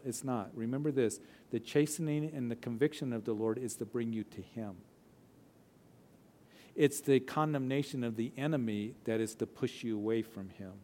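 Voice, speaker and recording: A man preaching a verse-by-verse sermon as pastor in a church, with emphatic, deliberately slowed phrases. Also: medium pitch, warm tone.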